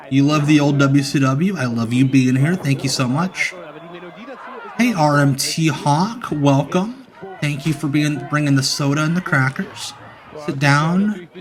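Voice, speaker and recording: A young man hosting a live watch-along stream, joking and enthusing about the match. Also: fairly high pitch. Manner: jokey, enthusiastic banter. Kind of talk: casual watch-along commentary.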